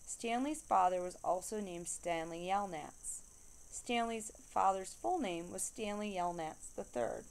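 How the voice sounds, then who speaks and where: Woman reader, read-aloud of a children's novel, steady pace, mid-range voice, leans on refrains. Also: medium pitch, unhurried, vocal fry, clear, resonant tone.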